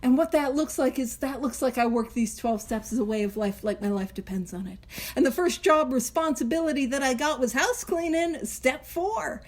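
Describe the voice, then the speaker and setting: High-voiced chatty woman leading a study. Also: normal speed. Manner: animated, chatty, laughs often, self-interrupting asides. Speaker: host of a recovery book study. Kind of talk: casual teaching chat.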